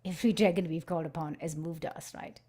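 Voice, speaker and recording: A woman hosting a spiritual live stream on a video call, speaking softly and drifting between guided meditation and casual chat. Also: deep voice, fairly even intonation, fast. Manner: soft-spoken, drifts into hushed chanting.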